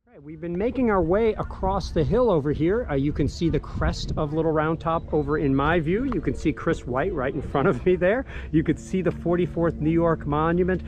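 A man's voice: fairly high pitch, moderate pace, hardly any pauses, a little mellow. A man leading an outdoor walking tour on a hillside, eagerly pointing out the sights, recorded on a body-worn action camera. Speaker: battlefield tour guide.

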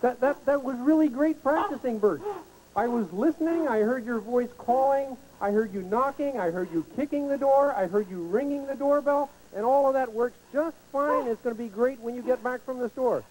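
A man's voice: very high-pitched, moderate pace, darkish tone, a little hiss or hum, low-quality recording. A man voicing Ernie, a cheerful, oblivious male puppet roommate who talks in a sunny, chuckly way in a children's TV puppet sketch.

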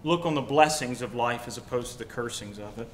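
A young adult man preaching a sermon to his congregation, telling personal stories in an animated, joking way. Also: medium pitch, brisk. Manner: animated, jokey storytelling. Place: church hall. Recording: roomy church hall.

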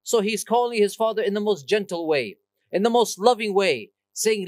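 A man's voice: sits high, animated, moderate pace, darkish tone, dry recording. A male preacher giving a Friday sermon in a mosque, switching between chanted Arabic verses and English explanation.

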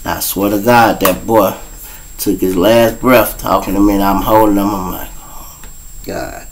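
A man around fifty with a Chicago accent, hosting his own show and telling a raw street story to his listeners, profane and blunt, breaking into loud acted-out voices. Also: fairly low pitch, steady tone, normal speed, a little hiss or hum, poor audio. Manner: profane, blunt, addresses listeners directly, acts out voices loudly. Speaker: show host.

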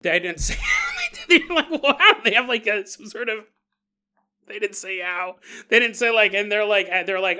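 A man's voice: high-pitched, normal speed, pushed and bright, smooth. A man hosting a podcast on his own, talking casually, joking and laughing often, and acting out quoted voices. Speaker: podcast host. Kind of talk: casual solo podcast monologue.

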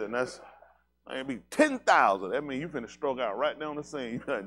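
A man's voice: a little high, animated, quick pace, a bit bright. Man, pastor, casual joking sermon, addresses congregation directly. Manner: loose, joking, talks straight to the congregation.

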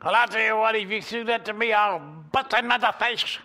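A man's voice: high-pitched, fairly quick, pushed and bright, voice pushed up. A man voicing a boastful young tough who makes cocky threats. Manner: cocky, blustering.

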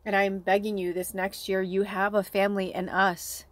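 A woman's voice: mid-range voice, level tone, moderate pace, no echo. A woman working as a psychic medium gives a casual spiritual card reading to her viewers. She rambles in a heartfelt way, filling her talk with "like" and "you know" and swearing now and then.

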